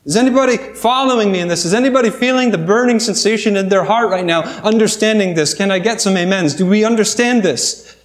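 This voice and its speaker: High-voiced preacher asking rhetorical questions. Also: male voice, quick pace. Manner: storytelling, rhetorical questions to the congregation. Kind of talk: sermon.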